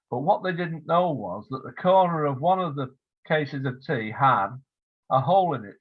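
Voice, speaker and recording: An older English man, an author interviewed over a video call, telling stories in a relaxed, reminiscing way with fillers. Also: medium pitch. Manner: warm storytelling with fillers, acts out quoted voices. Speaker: author interviewed about his biography. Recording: phone-like lo-fi line.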